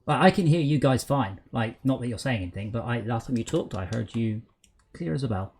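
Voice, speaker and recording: Chatty man with a lively voice. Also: medium pitch, a little fast, husky. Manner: chatty, rambling, troubleshooting aloud with many fillers. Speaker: streamer hosting a LAN game session. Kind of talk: casual chat while gaming.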